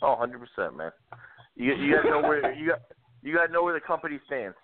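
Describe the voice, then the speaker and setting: A man's voice: a little high, sing-song, quick pace, very noisy. A man co-hosting a sports podcast, giving blunt, emphatic opinions in casual chat. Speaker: podcast co-host. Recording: phone-like dry line.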